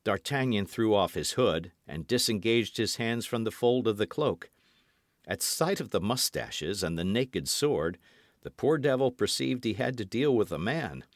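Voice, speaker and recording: A male narrator reading a classic novel aloud with a lively, swinging delivery. His voice sits in a middle register, dry and close. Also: fairly low pitch, measured pace, dry recording. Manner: expressive storytelling. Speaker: audiobook narrator. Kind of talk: scripted narration.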